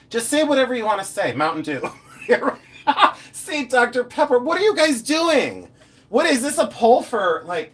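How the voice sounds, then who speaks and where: A middle-aged man talking off the cuff on a home live stream, sorting and showing off his finds. His talk is playful and scattered, full of asides, restarts and quick laughs. His voice sits at an ordinary middle pitch. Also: slight background noise. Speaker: live-stream jewelry reseller. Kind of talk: casual live-stream chat.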